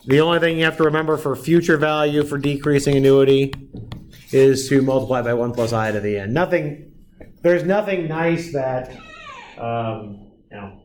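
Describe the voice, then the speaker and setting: The speaker, a male math lecturer, has a medium-pitched, darkish voice and speaks at a moderate pace, with slight background noise behind him. In this classroom lecture he leads students through every step, checking in with frequent tag questions.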